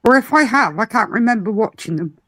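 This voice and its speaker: A woman in a casual chat, giving relaxed, brief replies. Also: a little high, brisk, dry recording, studio quality.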